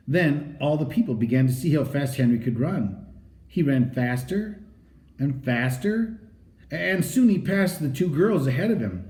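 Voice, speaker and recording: A man reading a children's chapter book aloud as storybook narration, in an animated, expressive read-aloud manner. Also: on the high side, measured pace. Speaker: audiobook reader. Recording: roomy echo.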